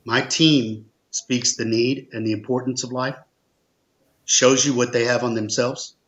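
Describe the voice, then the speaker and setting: A man's voice: mid-range voice, fairly bright tone. A man, an insurance agency owner, telling stories in a conversational interview, earnest and emphatic, repeating phrases for stress. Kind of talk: conversational storytelling.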